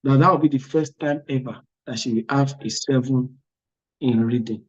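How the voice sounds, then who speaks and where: A husky, mid-range male voice at normal speed comes through with lo-fi sound. He's an exam prep tutor giving a motivational talk to his class, speaking with emphasis, repeating himself, and often asking "are you with me?"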